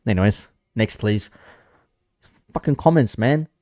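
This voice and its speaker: A man's voice: on the low side, expressive, measured pace, mellow, no room sound, studio quality. A man talking casually on a live stream, rambling about online chat moderation and swearing freely. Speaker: commentary streamer.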